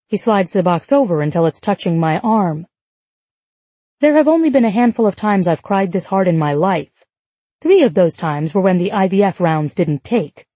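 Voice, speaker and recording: A woman narrating a novel in the first person, with a measured, emotive reading on a close microphone. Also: mid-range voice, dark tone, no echo. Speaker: audiobook narrator.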